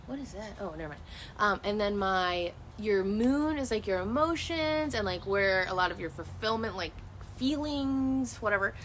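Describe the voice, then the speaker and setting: A young woman streams outdoors, chatting casually with her viewers in a loose, rambling, animated way, often restarting and swearing freely. Her voice is mid-range at a normal speed, with slight background noise.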